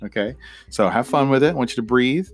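A man's voice: mid-range voice, quick pace. Middle-aged man, podcast host, casual rambling outro, filler-heavy, faint music underneath.

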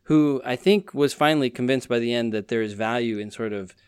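A man with a mid-pitched voice relates a tutoring session on a podcast, quoting both himself and the student. The sound is dry and close. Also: fairly quick, a little mellow, smooth, no echo. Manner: storytelling, acting out both sides of the dialogue. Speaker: podcast co-host and test-prep tutor. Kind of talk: casual podcast conversation, telling an anecdote.

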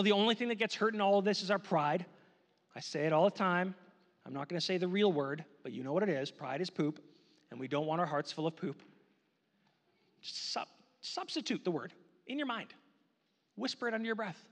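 High-voiced pastor preaching in a reverberant hall. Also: male voice, lively intonation. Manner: earnest, repeats phrases for emphasis; slow, drawn-out delivery on key lines. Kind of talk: sermon. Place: church sanctuary.

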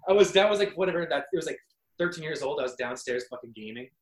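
Young guy, somewhat high voice, roomy echo, energetic storyteller. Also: fast talker. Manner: excitable, swears often. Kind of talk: casual storytelling chat.

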